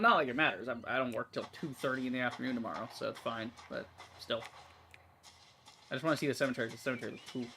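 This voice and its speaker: A man's voice: mid-range voice, pushed and bright, slight background noise. A young man hosting a gaming channel, chatting casually through a game demo in a rambling way, full of fillers and self-corrections. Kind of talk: casual let's-play commentary.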